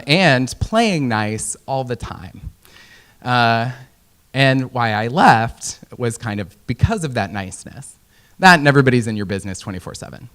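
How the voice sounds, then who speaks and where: A man's voice: medium pitch, fairly bright tone. Joking American conference speaker, young man. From Indiana, USA. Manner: casual and joking, with many fillers. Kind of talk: conference talk. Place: conference hall.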